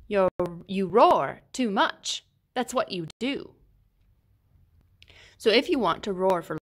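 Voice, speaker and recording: A woman reading a children's picture book aloud in an expressive, sing-song storytelling manner. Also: medium pitch. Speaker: storybook reader.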